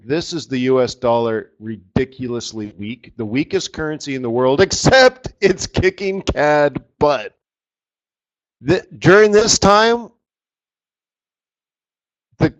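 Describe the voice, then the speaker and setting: A man hosting a live trading webinar, talking over his charts with excited outbursts and trailing murmurs. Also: mid-range voice, dull audio. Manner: excitable, exclamatory, trails off while fiddling with charts. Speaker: forex market strategist hosting a live webinar.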